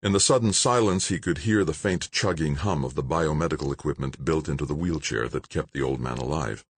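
Very deep-voiced man reading a novel. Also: a little fast, husky, no echo. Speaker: audiobook narrator. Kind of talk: scripted narration.

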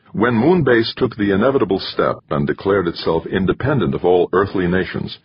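A man narrating an audiobook in a steady, measured reading. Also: low-pitched, breathy edge. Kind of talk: scripted narration. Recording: dull lo-fi recording.

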